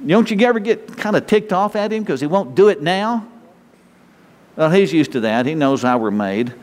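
A man's voice: mid-range voice, lively intonation, normal speed, a little hiss or hum. A man preaching a sermon in a folksy, conversational way, often restarting phrases and chuckling. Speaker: pastor. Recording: reverberant hall.

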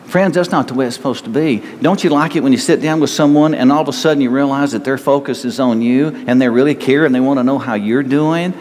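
A man's voice: mid-range voice, quick pace, hardly any pauses, darkish tone. A man preaching a conversational sermon as a pastor, often acting out the voices of self-centered people. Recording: reverberant hall with faint room noise.

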